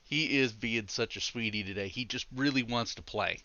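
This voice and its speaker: A man hosting a casual livestream from his computer on a headset mic, chatty and easygoing with frequent soft laughs. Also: medium pitch, expressive, normal speed, no room sound, highs cut off. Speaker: streamer. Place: home room at his computer. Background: faint background music.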